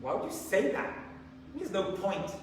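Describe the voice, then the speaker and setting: A man giving a sermon as a rabbi, telling a story and acting out the dialogue in lively bursts. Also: high voice, measured pace, a little hiss or hum. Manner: animated storyteller, acts out dialogue. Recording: echoey hall from far off, faint ambience.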